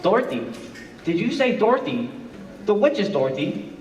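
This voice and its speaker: A man playing a bossy palace doorkeeper, very high. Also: big pitch swings, normal speed, highs cut off, slight background noise. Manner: bossy, blustering stage delivery. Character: fussy male palace doorkeeper. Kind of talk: live stage musical. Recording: echoey live stage, distant from mic.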